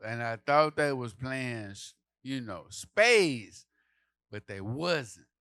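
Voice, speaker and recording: A man performing a stand-up comedy set for a live audience, telling stories loudly and playing out the quotes. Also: fairly low pitch. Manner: loud, animated storytelling with acted quotes.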